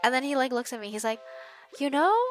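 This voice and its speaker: A woman's voice: fairly high pitch, steady tone, rapid-fire, over music. A woman in her early twenties, chatting casually as a streamer, telling an anecdote with lots of fillers and a wry tone. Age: early 20s. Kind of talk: casual storytelling.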